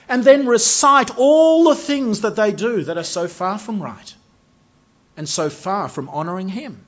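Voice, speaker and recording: A man preaching a sermon, earnest and measured, building to emphatic rises. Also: high-pitched, animated, fairly bright tone. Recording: dull lo-fi sound.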